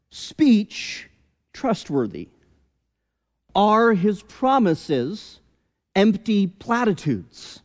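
A man preaching a sermon as pastor, deliberate and emphatic, with rhetorical questions. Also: high-pitched, long reverb tail.

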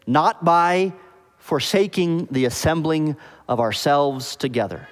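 A man's voice: a little high, animated, moderate pace. A man preaching a sermon with a slightly raised voice, explaining words step by step. He keeps checking with the congregation to see if they follow. His voice rings out with a long reverb, as in a church hall. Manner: explains word meanings, asks the congregation "okay?" and "does that make sense?". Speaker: pastor.

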